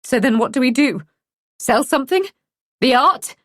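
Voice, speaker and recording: A woman's voice: sits high, expressive, moderate pace, no echo, clean studio sound, voice pushed up. A woman reading an audiobook, voicing a frightened middle-aged mother who speaks urgently with a rising, shaky voice. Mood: pleading.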